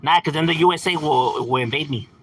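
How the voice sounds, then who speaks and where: A man's voice: a little high, quick pace, a bit bright, slight background noise, rough recording. Laid-back man streaming. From San Fernando Valley, California. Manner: laid-back, slangy, laughs often. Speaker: livestream host. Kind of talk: casual livestream chat.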